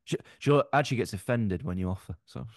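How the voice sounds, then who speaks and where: A man's voice: on the low side, dry recording, clean studio sound. A sweary young man spinning tales. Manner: animated storytelling, swearing, quick shifts to loud re-enacted quotes. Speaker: podcast co-host. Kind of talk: casual banter.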